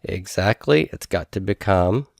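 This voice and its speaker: A man's voice: low voice, animated, a little slow, gravelly, dry recording, studio quality. A middle-aged man teaching Hebrew grammar in a recorded lecture, patiently sounding out syllables one at a time.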